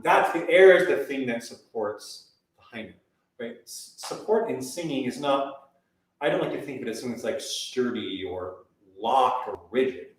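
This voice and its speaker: A man teaching a live online voice lesson, coaching in a relaxed, chatty way and demonstrating vowel sounds. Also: medium pitch, recorded from a distance. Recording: very echoey room, voice heard from afar.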